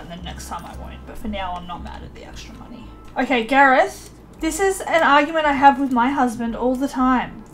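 Fairly high-pitched, with a little hiss or hum on the recording, a young woman gives casual let's play commentary on a life-sim game. She keeps bossing the characters and laughing often.

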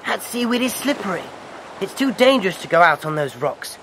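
An actor playing a sensible older boy in a dramatized audiobook, talking in a calm, reasoning way. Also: mid-range voice, fairly quick, a little hiss or hum. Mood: sensible firm.

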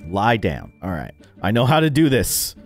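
A man's voice: on the low side, normal speed, faint music behind. A young man giving playful, goofy commentary on a video game he is playing, laughing often. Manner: goofy, laughing, animated reactions. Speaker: gaming YouTuber.

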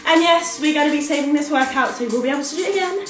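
Young woman fitness coach counting reps, high voice, sounds far from the mic in a super echoey room with music going. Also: racing, fairly bright tone. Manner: upbeat and encouraging, calls out counts and cues. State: working out while talking, short of breath. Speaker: fitness instructor.

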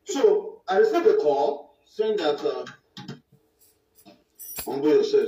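A man's voice: a little high, expressive, unhurried, long pauses, warm tone, faint music behind. A Nigerian man telling his own story in a boastful, self-justifying way. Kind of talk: personal story told to camera. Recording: dull, roomy clip from a distance.

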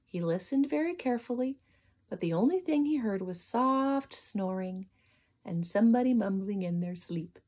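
Storyteller, female, breathy and expressive, reading children's books aloud. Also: medium pitch, moderate pace. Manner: expressive, sing-song narration.

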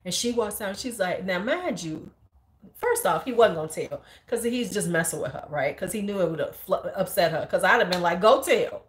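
A woman in her forties with a Chicago accent, chatting casually about her school days. Her voice sits a little low, and she talks bluntly and with plenty of cursing. She stays lively as she acts out the people in her stories. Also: a little fast. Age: 40s. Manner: animated, blunt and profane, acts out quotes in a high squeal. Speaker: high school teacher and beauty vlogger. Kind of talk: casual storytelling chat.

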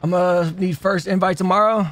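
A man's voice: high-pitched, steady tone, a little fast, a bit bright, no room sound. A man chatting loosely while streaming a shooter game, swearing and joking with his teammates. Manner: loose, profane, laughing banter. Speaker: gaming streamer. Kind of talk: casual gameplay chat.

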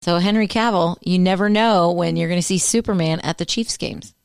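Chatty lower-voiced woman co-host. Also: a little fast, clear, resonant tone, no echo, clean studio sound. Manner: chatty, laughs often, storytelling. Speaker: podcast co-host. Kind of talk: casual chat.

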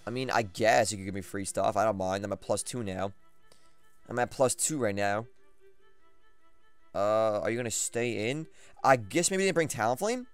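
A young man giving live commentary on his own online game battle, excitable and trash-talking, repeating phrases as he plays. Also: lowish voice, moderate pace, long pauses, clean tone, soft background music. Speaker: gaming commentator.

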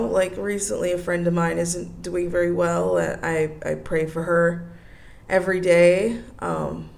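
A woman's voice: medium pitch, gravelly. A young woman hosting a casual solo podcast, chatting with lots of likes and you-knows and laughing often. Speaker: podcast host.

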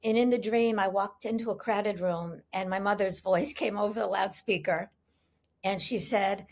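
A woman speaking as an interview guest, telling stories in an animated, emphatic way, repeating her key phrases and acting out the dialogue she quotes. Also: medium pitch, normal speed. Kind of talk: conversational storytelling.

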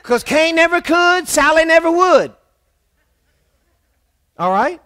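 A man's voice: very high voice, sing-song, slow pace, sharp tone. A man preaching a sermon as pastor in a church, emphatic and repetitive, calling on the congregation to answer back.

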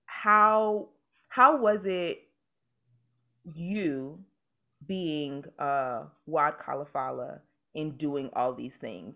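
A woman in her twenties hosting a podcast, chatting in a relaxed way and pausing often with fillers like "um". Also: deep voice. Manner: relaxed, hesitant with many fillers. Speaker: podcast host. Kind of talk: casual interview chat. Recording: tinny phone-like line.

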